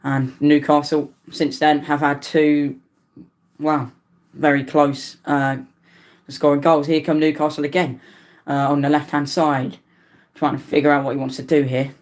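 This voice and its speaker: Young male fan commentator, late teens, tired, stumbling play-by-play that spikes up excitedly. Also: measured pace. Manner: excitable play-by-play that jumps up in pitch on attacks; rambling, with stumbles and restarts. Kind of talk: live match watch-along commentary.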